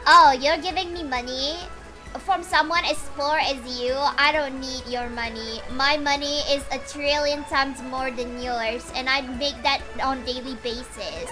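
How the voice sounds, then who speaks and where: A woman's voice: high voice, steady tone, measured pace, over music, voice pushed down, poor audio. A woman mocking as a haughty rich young man. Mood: scornful. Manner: haughty, condescending. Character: arrogant rich young man, snobbish and dismissive.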